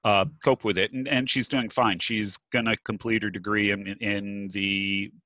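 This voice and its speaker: A man speaking as a guest in a casual conversation, halting and restarting his sentences. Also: on the low side, steady tone, pushed and bright, no room sound.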